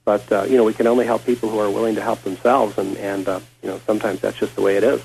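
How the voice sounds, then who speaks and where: Fast-talking rambling man. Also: fairly low pitch, fairly even intonation, gravelly, a little mellow, faint music behind, low-quality recording. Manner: rambling, many fillers and restarts. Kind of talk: casual talk show conversation.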